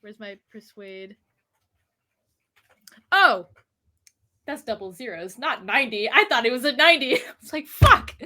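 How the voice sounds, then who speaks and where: A woman's voice: a little high, normal speed, long pauses. A woman player at a tabletop game, chatting casually and laughing at herself. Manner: laughing, self-deprecating and relaxed.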